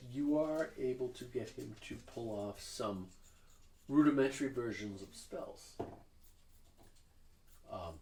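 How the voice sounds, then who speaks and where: A man's voice: fairly low pitch, darkish tone. A man narrating as dungeon master in a casual, rambling way with many fillers. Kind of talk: narrating a tabletop game. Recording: echoey room with faint noise.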